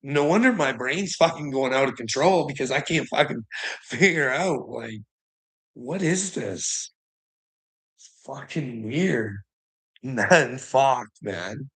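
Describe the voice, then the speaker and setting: A man's voice: medium pitch, expressive, slow pace, a bit bright, breathy edge. A man talking straight to camera in a rambling monologue, swearing constantly, agitated and often breaking into laughter. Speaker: vlogger.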